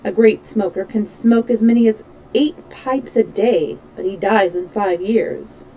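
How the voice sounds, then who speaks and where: A woman storyteller reads a classic novel aloud at an even, measured pace. Her voice sits at an ordinary middle pitch, and she stumbles now and then and simply corrects herself. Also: a little hiss or hum, poor audio. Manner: steady, measured, with small slips and self-corrections.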